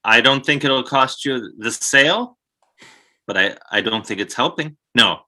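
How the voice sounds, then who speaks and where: A talk show host with a very bright, sharp-edged voice at middle pitch. He chats casually with his guests and breaks in to read out viewer questions. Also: expressive, unhurried. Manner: chatty, reacts with short interjections and reads viewer questions.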